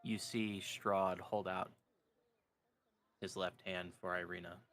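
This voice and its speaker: Casting: a deep-voiced male game master, forceful tone, tabletop narration. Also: flat delivery, slow pace, slight background noise.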